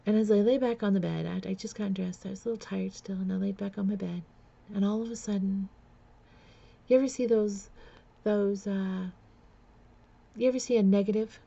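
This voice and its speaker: A woman telling a personal story on a vlog in a halting way, with many fillers and restarts, sometimes close to tears. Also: mid-range voice, steady tone, gravelly, dark tone, lo-fi sound. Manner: emotional, close to tears at times. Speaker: vlogger.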